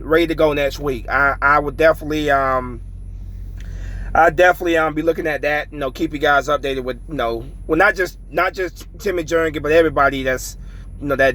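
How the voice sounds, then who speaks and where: Man with a high voice, frustrated and profane, ranting casually to camera about his team. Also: fairly bright tone, rough recording. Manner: frustrated, heavy swearing, repetitive ranting. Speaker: sports fan vlogger. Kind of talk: ranting fan commentary.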